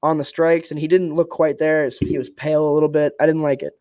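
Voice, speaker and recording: This young male podcast co-host has a slightly high, warm voice and talks quickly with a level tone. His recording is dry with no echo, and he chats loosely and offhandedly about fights, rambling and cursing now and then.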